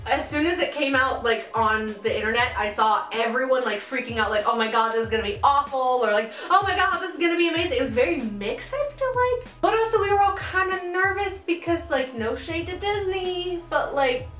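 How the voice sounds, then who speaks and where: Young female vlogger, high-pitched, rambling and giggly, recorded off-mic in a roomy space. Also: brisk, hardly any pauses, a bit bright. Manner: chatty, giggly, many fillers. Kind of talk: casual chat to camera. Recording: echoey room, mic at a distance, music underneath.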